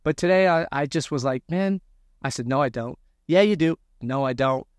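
A man telling his own story in an interview, animated and acting out the dialogue he quotes. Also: medium pitch, a little fast, no room sound, studio quality. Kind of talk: conversational storytelling.

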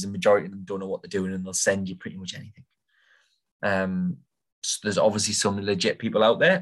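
A man's voice: on the low side, a bit bright. A young man, giving blunt, informal property advice as a podcast host in a casual monologue. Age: young adult.

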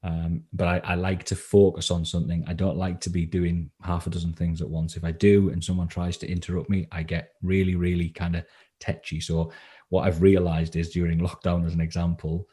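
A man's voice: sits low, level tone, fairly quick, dark tone, slightly rough. A man from England, a coach being interviewed on a podcast, talking casually with many ums and restarts. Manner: hesitant, lots of ums and restarts. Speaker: confidence coach guest.

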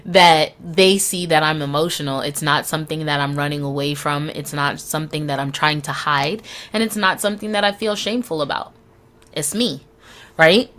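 A woman's voice: deep voice, fairly even intonation, normal speed, fairly bright tone. A young woman hosting a solo podcast, speaking candidly and frankly, swearing freely and laughing between phrases. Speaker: podcast host.

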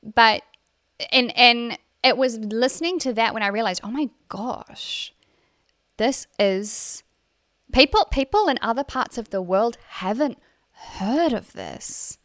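A woman's voice: fairly high pitch, takes it slowly, fairly bright tone, dry recording, studio quality. A woman with a New Zealand accent hosting a solo podcast, chatty and self-deprecating, with fillers and restarts. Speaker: podcast host.

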